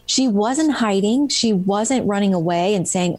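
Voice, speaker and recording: A woman's voice: mid-range voice, unhurried, hardly any pauses. Earnest woman author retelling stories. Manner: earnest, animated retelling with many fillers. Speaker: guest author. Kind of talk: conversational storytelling interview.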